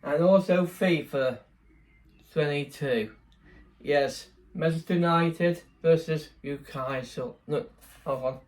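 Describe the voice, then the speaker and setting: Slow, rambling young man vlogging. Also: on the high side, a little mellow. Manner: rambling, self-correcting, laughs often. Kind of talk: casual vlog chat.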